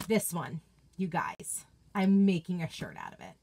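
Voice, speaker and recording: A woman's voice: on the low side, huge pitch swings, a little slow, creaky, a little mellow, breathy edge. A woman hosting a casual livestream, gushing enthusiastically over products and chatting with viewers. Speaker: craft seller host. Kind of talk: casual livestream chat reading viewer comments.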